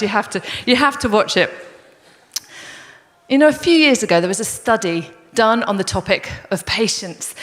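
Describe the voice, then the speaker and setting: Her voice fairly high and a bit bright, a woman delivers a sermon in a relaxed, story-driven style, addressing the congregation as "guys." The recording carries the long reverb of a large church hall.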